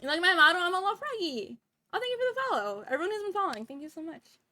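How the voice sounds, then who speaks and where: A woman's voice: very high voice, big pitch swings, very fast, pushed and bright. Bubbly congested woman streaming. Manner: bubbly, giggly, chatty with viewers. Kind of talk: casual game stream, reading a visual novel aloud. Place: home kitchen. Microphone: desk microphone, not wearing headphones.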